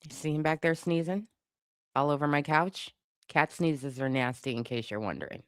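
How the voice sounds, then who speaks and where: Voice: medium pitch, moderate pace, smooth, dry recording, clean studio sound. A vlogger at home giving casual reaction commentary on song lyrics, sarcastic and laughing often. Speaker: YouTube commentator. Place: home, living room with a couch and a cat.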